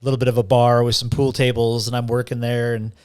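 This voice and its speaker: A man telling a story as a podcast guest in casual chat, animated and vivid, often slowing down for effect. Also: mid-range voice, clean tone.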